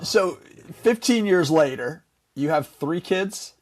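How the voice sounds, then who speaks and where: A man's voice: fairly high pitch, lively intonation, takes it slowly. A man hosting a podcast, asking questions in an eager, joking way. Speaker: podcast host. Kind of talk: casual interview.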